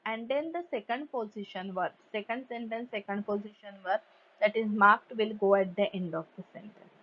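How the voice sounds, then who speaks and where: Woman teacher, higher voice, walking students through grammar rules, muffled lo-fi audio. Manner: reads German examples, then explains slowly in English. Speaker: German teacher. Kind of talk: grammar lesson explanation. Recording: dull lo-fi recording.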